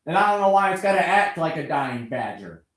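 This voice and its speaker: A man's voice: a little high, big pitch swings, a little fast, a bit bright, reverberant. A man ranting angrily and sarcastically at a motorbike engine that won't start, swearing constantly and a bit out of breath. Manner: angry, profane, sarcastic rant at an engine. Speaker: vlogger working on a motorbike. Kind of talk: ranting to the camera while wrenching.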